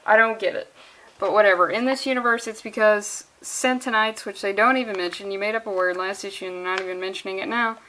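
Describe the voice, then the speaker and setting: A woman's voice: mid-range voice, steady tone, brisk, bright, forceful tone, a little hiss or hum. A woman giving a casual comic book review, exasperated, sarcastic and swearing freely.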